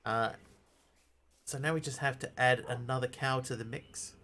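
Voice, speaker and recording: A man's voice: medium pitch, fairly even intonation, moderate pace, bright, forceful tone. A man streaming a game live, chatting casually and greeting viewers while he plays. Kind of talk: live gameplay commentary.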